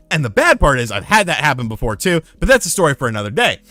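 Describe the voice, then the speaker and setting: A young man streaming live, telling a crude anecdote in a casual, profane, animated way to his chat. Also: on the high side, rapid-fire, few pauses, no echo.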